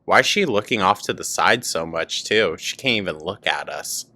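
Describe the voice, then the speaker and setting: A man's voice: deep voice, lively intonation, sharp tone, dry recording. Sarcastic man mocking a video. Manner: mocking, quick cutting asides. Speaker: commentary host. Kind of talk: sarcastic reaction commentary.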